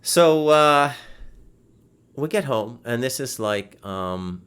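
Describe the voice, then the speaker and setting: A man hosting a podcast over a video call, telling a frustrating story in a casual, animated way, swearing and restarting his sentences. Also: medium pitch, takes it slowly, clean tone. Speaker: podcast host. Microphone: video call setup.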